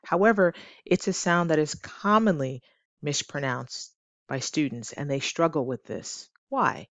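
A woman teaching English pronunciation in a clear, deliberate way, slowing down to stretch out example words. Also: deep voice, no echo, muffled recording. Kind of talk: pronunciation lesson.

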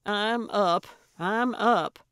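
Feisty, self-assured older female sleuth, voiced by a woman, brash and loud. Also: medium pitch, very slow, clear, resonant tone, no echo, clean studio sound.

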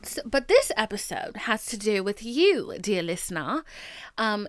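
A woman hosting her own podcast in a casual monologue aimed at her listeners. Her voice is smooth and clear, and the sound is close and dry, with no room around it. She talks candidly and playfully, swears freely, and slips now and then into soft, whispery asides. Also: a little high, very animated, measured pace, dry recording. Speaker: podcast host.

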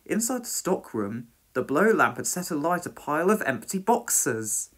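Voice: medium pitch, moderate pace. A reader narrating a children's storybook aloud and voicing every character. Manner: expressive, reads every character in a different voice.

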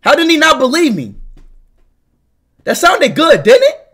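A young man live streaming, talking loudly and excitably to his chat and swearing often. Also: very high voice, unhurried. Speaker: livestreamer.

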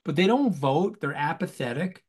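A man talking as a guest in an animated interview over a video call, emphatic and rhetorical, repeating phrases for effect. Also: fairly high pitch, moderate pace, slightly rough.

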